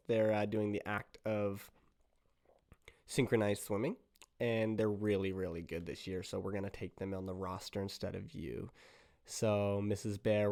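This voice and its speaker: A man playing a curt circus tryout judge who breaks bad news flatly. He speaks low and hushed, all business and in no hurry. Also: gravelly, no echo, clean studio sound.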